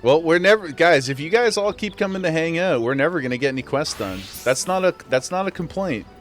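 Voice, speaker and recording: A man's voice: a little high, animated, fairly quick, soft background music. Playful man chatting on a game stream. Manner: playful, laughs often, talks straight to chat. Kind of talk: casual live-stream chat while gaming.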